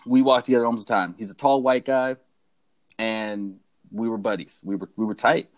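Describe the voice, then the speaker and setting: A young man with a lowish voice, speaking at normal speed, co-hosts a podcast and tells a story in casual conversation. He's an animated storyteller who acts out the voices of the people in it.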